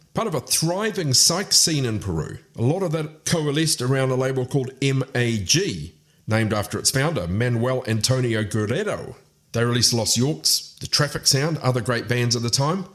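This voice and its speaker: Chatty man hosting a radio show. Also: mid-range voice. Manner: chatty, informative, runs through track details. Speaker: radio show and podcast host. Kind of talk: casual DJ back-announcing.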